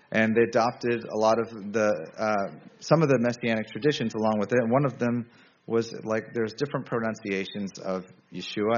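A man preaching a sermon to a congregation in a relaxed, conversational way, often restarting his sentences. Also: on the low side, lo-fi sound. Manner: conversational, self-correcting, with frequent restarts.

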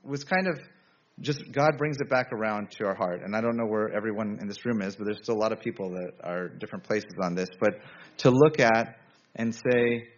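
A man preaching a sermon to a congregation in a relaxed, conversational way, often restarting his sentences. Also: fairly low pitch, brisk, dull audio. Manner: conversational, self-correcting, with frequent restarts.

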